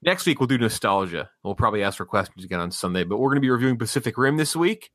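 A man's voice: medium pitch, lively intonation, fairly bright tone, no echo. A man hosting a casual movie podcast, chatting and wrapping up the episode with plans for next week. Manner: quick, wraps up with show plans. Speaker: podcast host.

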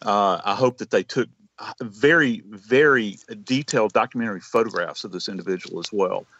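A man giving expert forensic commentary as a guest, speaking in a measured, deliberate way with some repeated words. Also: on the low side, a bit bright, highs cut off, slight background noise.

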